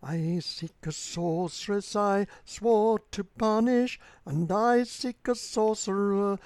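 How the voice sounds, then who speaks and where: A reader voicing Merlin, a tender male wizard, murmuring softly in a recited verse tale. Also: mid-range voice, slow pace, no echo. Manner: soft, murmuring, pleading.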